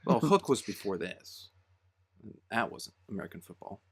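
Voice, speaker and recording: Low-voiced guy on a movie podcast, dry wry quips, dead dry mic. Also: expressive, moderate pace, husky, no echo. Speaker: podcast co-host. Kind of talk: casual podcast chat.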